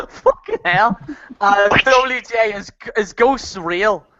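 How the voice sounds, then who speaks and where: A high, bright-voiced man hosts a casual online hangout. He talks loosely and laughs often. The call audio is dull and lo-fi. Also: animated, drawn-out words, dry recording. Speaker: host. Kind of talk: casual group video chat.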